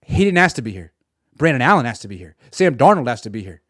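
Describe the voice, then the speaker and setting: A man's voice: medium pitch, very animated, quick pace, a bit bright, dry recording, studio quality. A man giving a sarcastic sports commentary monologue and acting out imagined dialogue.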